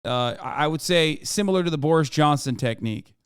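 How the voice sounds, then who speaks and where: A man's voice: on the high side, lively intonation, clean tone, dry recording, studio quality. A man in his thirties giving rambling, profane reaction commentary as a streamer. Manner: rambling, profane, quick asides.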